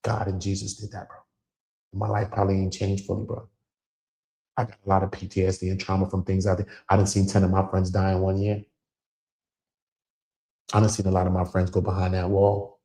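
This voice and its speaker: Gravelly deep-voiced man preaching to his chat. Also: monotone, a little fast, pauses often, warm tone. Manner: preachy, emphatic, addresses viewers as bro and man. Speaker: channel host. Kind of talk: casual livestream talk.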